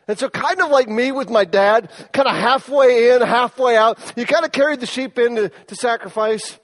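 A middle-aged male pastor preaching a sermon, telling stories in an animated way and rising in force for emphasis. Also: moderate pace. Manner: animated storytelling, rises in pitch and force for emphasis.

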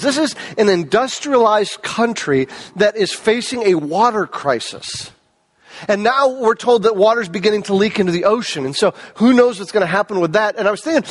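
High-voiced man preaching a sermon. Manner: conversational preaching, rhetorical questions, swings loud and soft. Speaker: pastor.

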